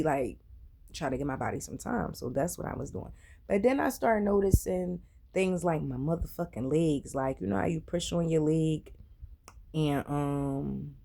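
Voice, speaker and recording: A mother telling her own story in casual vlog style, blunt and animated, swearing freely. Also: low-pitched.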